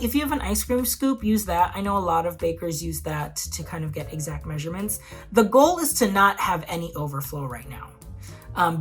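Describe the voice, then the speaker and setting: A woman's voice: on the low side, breathy edge. A woman hosting her own cooking show, chatting casually and upbeat through a recipe with lots of "like" and "um". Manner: chatty, upbeat, full of "like" and "um" fillers. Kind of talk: casual cooking vlog chat.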